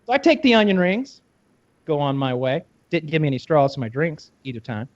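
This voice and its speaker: A man hosting a podcast who tells a story in a casual, animated way, swears and acts out the other people in it. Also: fairly high pitch, a little fast. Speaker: podcast host. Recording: dull lo-fi podcast audio.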